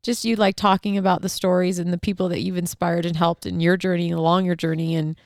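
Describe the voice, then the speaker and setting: A podcast host with a mid-range voice and a gravelly, creaky edge. The talk rambles in a chatty, casual way and leans on "like" as a filler. The recording is close and dry. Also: medium pitch, flat delivery, fast talker, darkish tone, dry recording.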